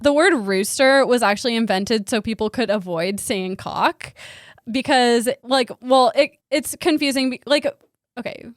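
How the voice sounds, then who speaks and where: A woman's voice: a little high, measured pace, dry recording, studio quality. A woman co-hosting a comedy podcast, explaining a topic in a chatty, casual way full of filler words. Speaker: podcast co-host presenting a topic.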